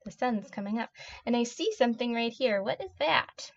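A preschool teacher, a woman, reading a picture book aloud to young children in a gentle, expressive, child-directed way. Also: a little high, moderate pace. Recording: dull lo-fi audio.

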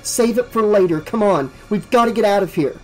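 A man's voice: high-pitched, fairly quick, faint music behind, voice pushed up, natural voice. A man voicing a brave young woman who speaks with urgency and fierce resolve. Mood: urgent.

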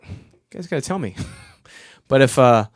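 A man's voice: mid-range voice, lively intonation, normal speed. A middle-aged man hosting a music live stream, chatting casually between songs in a rambling way and thanking viewers by name. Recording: long reverb on the voice.

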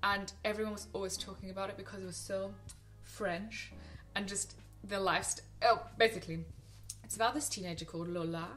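Young woman, casual vlog chat, gushing, bright tone, frequent ums, faint music behind. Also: medium pitch, fairly even intonation, a little fast, hardly any pauses. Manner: chatty, gushing, lots of ums and restarts. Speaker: film vlogger. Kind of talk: casual film recommendations to camera.

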